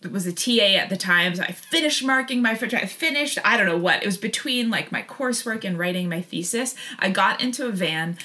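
A woman in her thirties speaks as a podcast guest with a bright, sharp tone at a middling pitch. She tells a long personal story, often breaking off mid-sentence, correcting herself and laughing as she goes. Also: expressive, fairly quick, few pauses. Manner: rambling, self-interrupting, laughs often. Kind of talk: casual storytelling interview.

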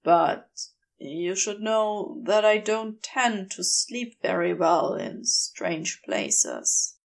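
Woman putting on Crowley, a rough-voiced demon. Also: medium pitch, lively intonation, drawn-out words, voice pushed down, full character voice. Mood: tender. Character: rough-voiced male demon, flustered and wry.

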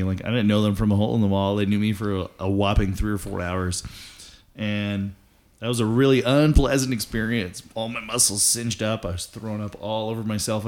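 Laid-back low-voiced host. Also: male voice. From Alberta, Canada. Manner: laid-back, asks rambling questions. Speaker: podcast host. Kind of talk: casual interview chat.

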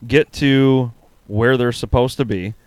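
Smooth-voiced man telling a story. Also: medium pitch, takes it slowly, no echo. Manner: animated storyteller, acts out quoted lines. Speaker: podcast co-host. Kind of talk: casual storytelling among friends.

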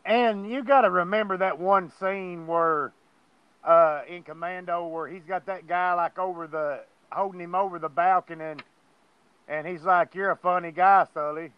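Man, rambling casual chat, swearing, fairly high voice, dry lo-fi phone line. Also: steady tone, normal speed, clean tone. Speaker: podcast co-host.

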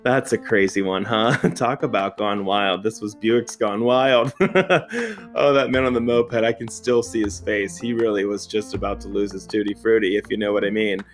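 A man telling a personal story in a casual, animated way, swearing often and laughing as he goes. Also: on the low side, moderate pace, faint music behind.

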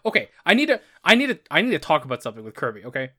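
A co-host chats on a podcast, giggly and excitable. The pitch jumps around a lot as they rush through their points. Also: racing. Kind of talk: casual chat.

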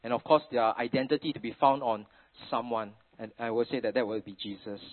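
A man's voice: mid-range voice, a little fast. Singaporean man preaching on a tinny line. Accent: Singaporean English. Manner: chatty storytelling sprinkled with Singlish particles. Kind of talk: sermon with family anecdotes. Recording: tinny phone-like sound.

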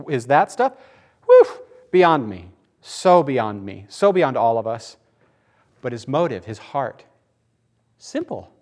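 A man preaching a conversational sermon, animated and joking as he goes. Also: fairly high pitch. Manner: animated, laughs and jokes mid-sentence.

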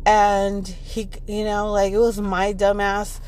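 A woman's voice: medium pitch, completely flat delivery, takes it slowly, a little mellow, slight background noise, poor audio. A tired woman in her thirties telling a personal story in a casual podcast monologue, rambling with lots of fillers and swearing. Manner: rambling and profane, heavy fillers. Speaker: podcast host.

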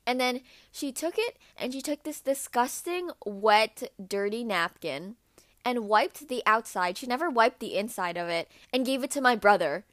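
A woman's voice: a little high, animated, normal speed, fairly bright tone, dry recording, clean studio sound. A young woman hosting a podcast, telling a story casually with lots of fillers and acted-out quotes. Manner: chatty, lots of "like" and "um", acts out quotes. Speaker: podcast host.

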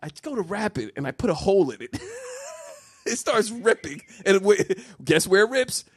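A man's voice: high voice, sing-song, normal speed, husky, no echo. A man telling a comic personal story on a podcast, laughing a lot and restarting his sentences. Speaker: podcast co-host. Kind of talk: comedic storytelling chat.

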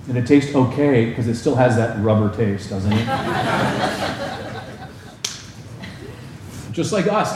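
A man preaching a sermon as pastor, asking the congregation rhetorical questions and moving between emphatic raised lines and slow, low stresses. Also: darkish tone. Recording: very echoey hall, faint background noise.

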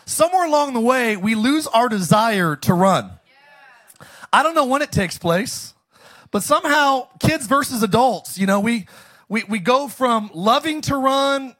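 A man preaching a jokey, energetic Easter sermon as pastor, often bursting into shouts. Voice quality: high, bright, animated preaching voice.

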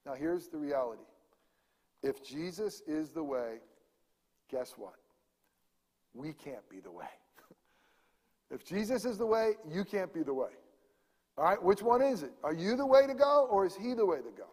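A man preaching a sermon, swinging from loud emphasis to hushed near-whispers. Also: fairly high pitch, in a large hall. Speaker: pastor.

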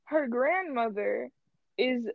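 Young woman podcast host, giggly and joking, high voice, muffled lo-fi sound. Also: expressive, slow pace, gravelly, no room sound. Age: young adult. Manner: giggly, playful, talks to listeners as y'all. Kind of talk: casual chat. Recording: dull lo-fi dry sound.

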